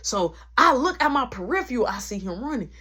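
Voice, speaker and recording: A woman's voice: a little high, big pitch swings, fairly quick, bright, forceful tone, slightly rough. A young adult woman telling a story in casual slang, full of sound effects.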